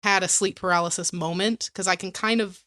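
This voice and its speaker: A woman's voice: lowish voice, steady tone, fairly quick, pushed and bright. A woman co-hosting a podcast, telling a story casually and peppering it with "like" and "right?". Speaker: podcast co-host.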